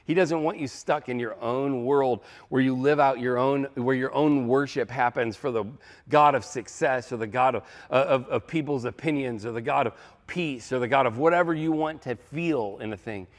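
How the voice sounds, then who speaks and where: A man's voice: mid-range voice, moderate pace. A male pastor preaching a sermon in a conversational, emphatic style, repeating key phrases for effect.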